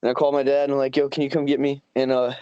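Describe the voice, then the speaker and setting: A man's voice: mid-range voice, completely flat delivery, very fast, warm tone, clean tone, dry recording, dull audio. A young man co-hosting a podcast, telling a rambling, profane work story with lots of laughing. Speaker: podcast co-host. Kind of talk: casual storytelling chat.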